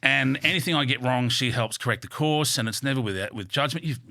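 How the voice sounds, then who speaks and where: An Australian man telling candid stories as a podcast guest, blunt and animated, swearing freely and reaching for vivid metaphors. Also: medium pitch, fast talker, vocal fry, no echo, studio quality. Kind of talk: candid storytelling in a podcast interview. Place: studio.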